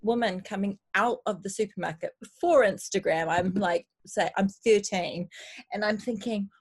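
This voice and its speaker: A woman's voice: medium pitch, normal speed, breathy edge. A woman with a New Zealand accent chatting casually as a podcast guest, laughing often and poking fun at herself. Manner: laughs often, self-deprecating. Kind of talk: casual chat.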